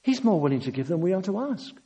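A man's voice: sits high, big pitch swings, quick pace, warm tone, dull audio. An older man preaching a sermon, earnest and emphatic, driving his points home with repetition.

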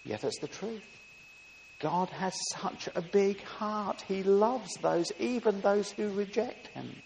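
A man preaching a sermon with emphatic delivery, dropping soft and rising loud. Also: high voice, slow, gravelly. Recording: long reverb with faint hiss.

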